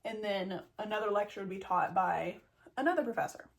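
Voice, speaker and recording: A woman's voice: mid-range voice, brisk, gravelly. A young woman telling a story as a vet student in a casual vlog, blunt, self-mocking and full of swearing. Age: young adult.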